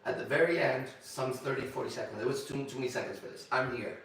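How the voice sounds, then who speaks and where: Cursing guy telling a story to the group, bright edgy voice, big echoey room a ways off the mic. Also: medium pitch, fast, recorded from a distance. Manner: profane, animated storytelling with sudden shouts. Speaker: ministry leader.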